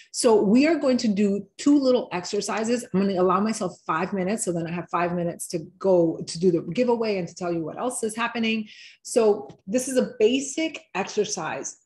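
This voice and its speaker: A woman's voice: mid-range voice, a little mellow. A woman hosting a live online wellness workshop, talking viewers through simple relaxation exercises in a chatty, encouraging way. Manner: chatty, encouraging, slows down to guide steps.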